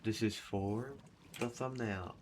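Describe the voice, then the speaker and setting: Man, very low voice, casual gaming chatter, rambling, self-deprecating, keyboard typing behind. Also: fairly even intonation, slow pace, a little hiss or hum. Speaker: gaming YouTuber. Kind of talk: casual chat over gameplay. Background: computer keyboard typing.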